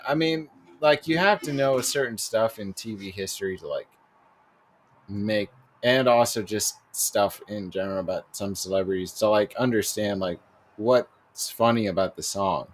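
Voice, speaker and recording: A man's voice: fairly low pitch, normal speed, slight background noise. A young man co-hosting a podcast in casual chat, rambling with lots of fillers and cursing. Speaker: podcast co-host.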